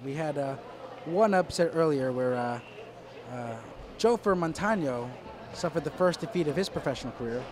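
A man's voice: fairly high pitch, lively intonation, moderate pace, a crowd in the background. A man giving live boxing commentary in a dry, wry way, with many fillers and restarts.

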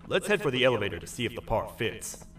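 A man's voice: medium pitch, sing-song, quick pace, a bit bright. A man with an American accent voicing a male companion character in a video game who gives plain, businesslike instructions. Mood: instructive. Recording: distant game audio with clear music.

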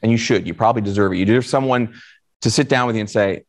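A man's voice: fairly low pitch, fast. A man from Florida giving a conference talk in a conversational way, asking the audience questions. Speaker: conference speaker.

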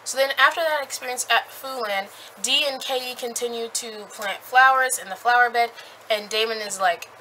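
A young woman recapping a book in a chatty, animated way with lots of fillers. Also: a little high, moderate pace, slight background noise, rough recording. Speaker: book reviewer.

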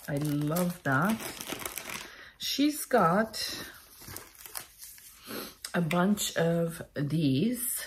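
Slow, gushing Canadian woman crafter. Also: lowish voice, slight background noise. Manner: gushing, slow and chatty, frequent thank-yous. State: unwell, throat clearing. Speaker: crafting vlogger opening happy mail. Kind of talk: casual unboxing chat.

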